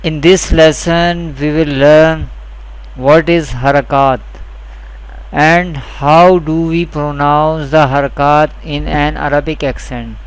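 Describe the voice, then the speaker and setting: A man teaching a beginner's Quran reading lesson, repeating each rule slowly and carefully, with a South Asian English accent. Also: a little high, steady tone, smooth, poor audio. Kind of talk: slow instructional lesson.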